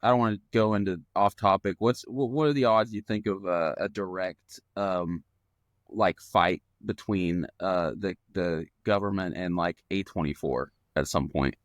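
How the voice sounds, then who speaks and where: Lowish-voiced animated podcast guest, a man. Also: moderate pace, dry recording, studio quality. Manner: animated, acts out quoted voices. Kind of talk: casual movie podcast chat.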